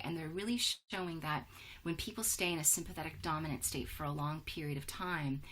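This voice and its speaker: A woman with a low, fairly bright voice presents an online wellness workshop by video call, with slight background noise. She reads participants' chat replies aloud and offers them quick words of praise and affirmation.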